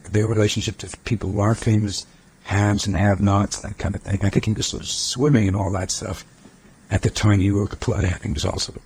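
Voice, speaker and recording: A man's voice: on the low side, darkish tone, a little hiss or hum. A man musing in a tentative way about a writer's themes.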